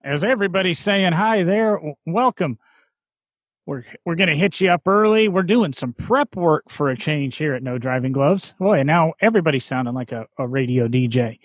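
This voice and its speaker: A man hosting a casual podcast with friends, chatty and prone to quick restarts. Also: fairly high pitch, expressive, dry recording, muffled recording. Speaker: podcast host. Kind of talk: casual chat.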